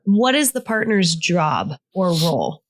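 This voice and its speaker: Middle-aged woman, therapist and podcast co-host, lowish voice, inquisitive, talks things through. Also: very animated, measured pace. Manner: asks probing clarifying questions, thinks aloud. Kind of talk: casual conversational podcast chat.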